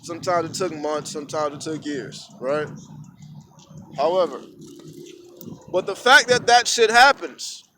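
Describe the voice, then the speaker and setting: A man's voice: on the high side, a little slow, pauses often, noisy background. A man talking casually to his phone camera outdoors at sunrise, rambling and swearing as he tells stories. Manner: profane, rambling, animated storytelling. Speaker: vlogger. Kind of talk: casual outdoor vlog monologue. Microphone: phone camera at arm's length.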